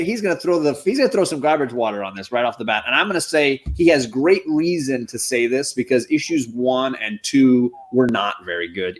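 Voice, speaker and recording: A man co-hosting a casual comic book live stream, upbeat and joking as he reads out names from the chat. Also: mid-range voice. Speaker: comic book show co-host.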